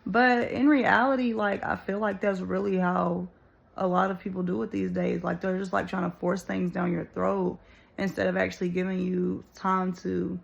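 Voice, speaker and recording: Woman thinking out loud to her viewers, super creaky fry voice, kinda muffled audio. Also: lowish voice, monotone, normal speed. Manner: earnest and searching, many "like" and "you know" fillers. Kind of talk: casual spoken reflection to viewers.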